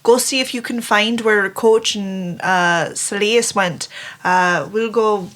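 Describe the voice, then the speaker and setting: A woman's voice: medium pitch, slow, a bit bright. A woman playing in a tabletop game, joking and teasing the other players.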